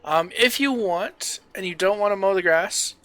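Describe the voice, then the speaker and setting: Chatty bright-voiced male game streamer. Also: sits high, moderate pace. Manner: upbeat and chatty, with loud showman greetings. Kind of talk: casual gameplay chat.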